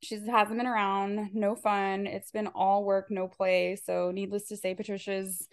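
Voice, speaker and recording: A woman's voice: medium pitch, flat delivery, unhurried, clear, resonant tone, dry recording, studio quality. A woman hosting a podcast in casual chat, talking in a chatty, rambling way with lots of filler words. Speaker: podcast host.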